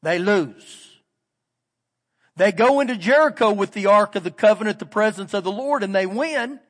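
A man preaching a sermon as pastor, reading scripture aloud and switching between loud emphasis and quiet asides. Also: sits high, a little fast, big-room sound. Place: church sanctuary.

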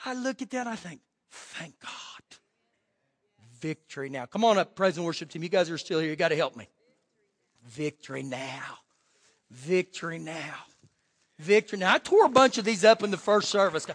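A man pastor preaching a fervent sermon, swinging from shouts to hushed asides. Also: sits high, expressive, fast talker, hardly any pauses. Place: church sanctuary.

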